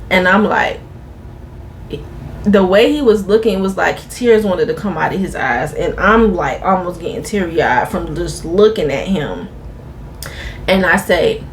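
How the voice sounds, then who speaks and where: A woman's voice: on the low side, a little slow, a little hiss or hum. A woman vlogger telling a personal story to her viewers in a casual, earnest, emphatic way.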